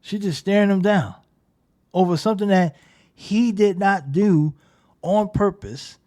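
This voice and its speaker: A man's voice: high-pitched, measured pace, a little mellow. A man giving casual, critical commentary over game footage, talking in a loose, conversational way with lots of "like" and "right?". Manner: conversational, full of "like" and "right?", keeps pointing things out; critical, incredulous.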